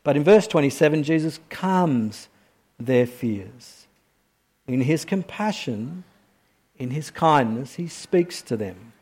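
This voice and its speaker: A man with a somewhat high-pitched voice preaches a sermon. He lifts his voice with urgent questions, then drops to a quiet, slowed delivery, repeating key phrases for weight. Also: expressive, breathy edge. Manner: preaching that swings from raised, urgent questions down to hushed, slow emphasis.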